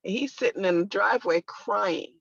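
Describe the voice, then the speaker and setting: A woman's voice: mid-range voice, normal speed, vocal fry, a bit bright, husky, dry recording. A woman sharing a personal testimony in conversation, telling it emphatically with religious exclamations. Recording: dull lo-fi, dry sound.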